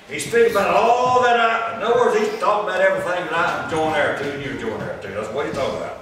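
A man preaching a sermon, emphatic and repeating his points, slowing down to read scripture. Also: on the high side, expressive, fairly bright tone. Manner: emphatic, repeats lines, reads scripture slowly. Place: church. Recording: echoey church room, distant mic.

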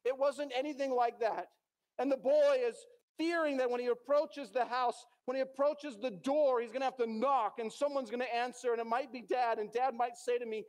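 A man's voice: very high-pitched, steady tone, normal speed. A male pastor preaching a sermon in a church, telling a story dramatically and acting out the characters' lines.

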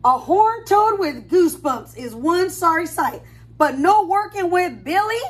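A woman's voice: very high voice, lively intonation, measured pace, voice pushed up. A woman voicing a stern female armadillo cook who firmly refuses to share. She speaks in clipped, final-sounding lines.

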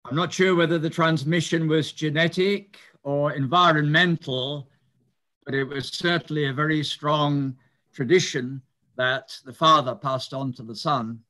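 An older man giving a reminiscing lecture, speaking in a measured, explanatory way with some hesitant fillers. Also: on the high side, steady tone, sharp tone. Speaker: mathematician giving a talk.

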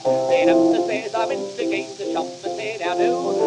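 High-voiced man singing comic patter. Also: fairly even intonation, loud music behind the voice, rough recording. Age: 40s. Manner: brisk comic patter, half spoken, half sung; switches between his own voice and shop assistants' voices. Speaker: music hall comedian. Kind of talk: music hall comic song with patter. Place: recording studio. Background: loud band accompaniment.

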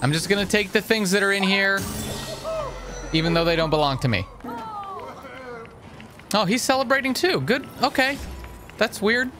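Young male host for joking gameplay commentary; animated, fairly high, with game music under. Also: normal speed, long pauses. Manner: excitable, jokey, swears often. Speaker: gaming channel host. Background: game music and sounds.

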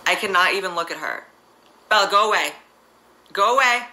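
Bright-voiced woman with a sarcastic tone. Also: medium pitch, lively intonation, brisk, a little hiss or hum, low-quality recording. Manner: sarcastic, mocking. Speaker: commentary youtuber. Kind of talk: sarcastic commentary.

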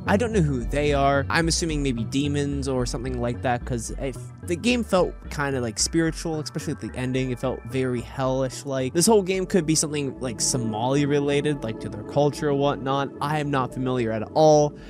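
A man hosting a casual let's-play, excitable, stammering and laughing often. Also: mid-range voice, fairly quick, hardly any pauses, over music. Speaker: gaming channel host. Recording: noisy background.

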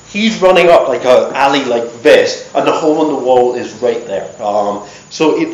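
Chatty man in an echoey hall. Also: mid-range voice. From United States. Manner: lively storyteller, chatty with many ums. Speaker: presenter. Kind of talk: storytelling history talk. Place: event hall.

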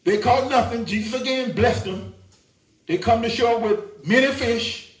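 A man's voice: extremely high pitch, a little slow. A man preaching a sermon, who repeats his words and keeps asking the congregation to agree. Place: church. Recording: echoey church from far off.

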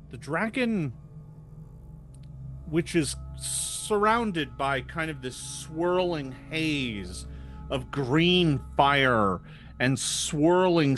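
A man's voice: on the high side, a bit bright. A man narrating as game master of a tabletop game, describing the scene vividly.

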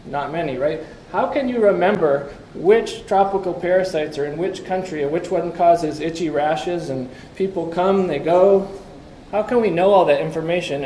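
In an echoey room with faint ambience, a man with a mellow, somewhat high voice gives a conference talk with slides. He keeps it conversational, quizzing the audience and dropping wry asides, and there's slight background noise.

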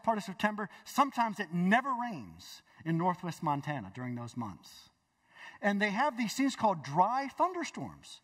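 A male pastor preaching a sermon in a church, emphatic, swinging between loud exclamations and hushed asides. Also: a little high, breathy edge, far from the mic. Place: church sanctuary.

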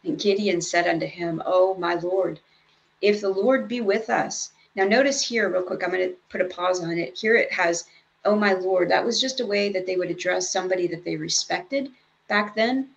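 A woman's voice: on the low side, normal speed, gravelly, muffled recording. A woman leading a casual Bible study, reading scripture aloud and then explaining it in chatty asides.

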